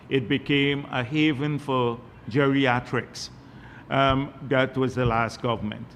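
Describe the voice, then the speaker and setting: A man's voice: fairly high pitch, a bit bright, in a large hall, a little hiss or hum. A man with a Guyanese accent speaking as a party general secretary at a press conference, scornful and mocking toward his opponents.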